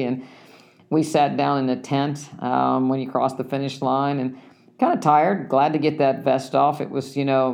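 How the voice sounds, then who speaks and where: A man with a gravelly, creaky voice at a middle pitch tells a casual story. He rambles and halts, often backing up to restart his sentences. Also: darkish tone. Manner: rambling, halting, with frequent restarts. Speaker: runner recounting a race.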